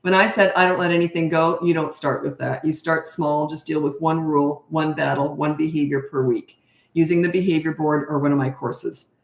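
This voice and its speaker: A woman's voice: low-pitched, steady tone, fairly quick, creaky. Chatty woman coach in an echoey room. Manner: chatty, storytelling, self-mocking, restarts and trails off. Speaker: parenting coach, host of live streams. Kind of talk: casual livestream talk.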